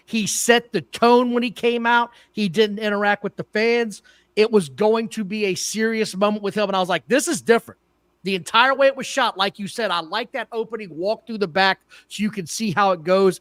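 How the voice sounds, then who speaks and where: A man's voice: sits high, fairly bright tone, no echo. A man co-hosting a wrestling podcast, blunt and opinionated, who often trips over names. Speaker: podcast co-host. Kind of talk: casual wrestling talk.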